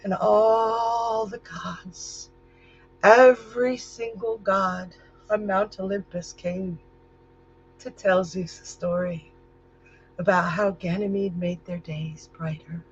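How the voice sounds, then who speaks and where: Slow, dramatic woman storyteller. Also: medium pitch, steady tone, breathy edge. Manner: emotional, building to intense. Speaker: storyteller and psychic host. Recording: dull lo-fi recording.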